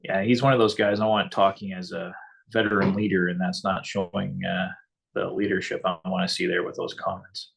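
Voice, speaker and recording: A man with a low, husky voice talks through a hockey game in a relaxed, offhand live-stream chat. He drops dry asides between his opinions. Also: fairly quick. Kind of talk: casual hockey watch-along chat.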